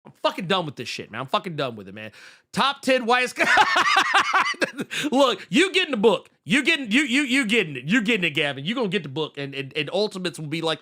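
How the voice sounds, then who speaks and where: A man's voice: sits high, very animated, normal speed, bright, forceful tone. A man co-hosting a comics podcast, ranting in a heated, profane way with lots of restarts while reading out viewer messages. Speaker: podcast co-host.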